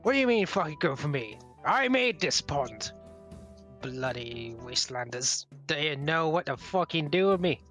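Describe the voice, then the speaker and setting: Cockney, rude male AI box, put on by a man as game master, higher than usual, swears and grumbles, tabletop game. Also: sing-song, a little slow, a bit bright, soft background music. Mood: irritable. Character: grumpy foul-mouthed male water-cleaning AI box.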